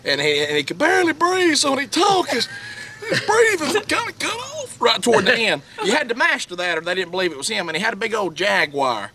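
A man telling a funny story in a lively, chuckling way, outdoors by a lake. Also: sits high, fairly quick. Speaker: radio host, guest on outdoors show. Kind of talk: animated storytelling.

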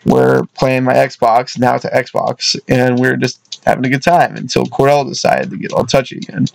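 A man's voice: mid-range voice, level tone, moderate pace, vocal fry, dry recording. Rambling young man telling a story. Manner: rambling, with frequent restarts and "you know what I mean". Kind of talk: casual storytime.

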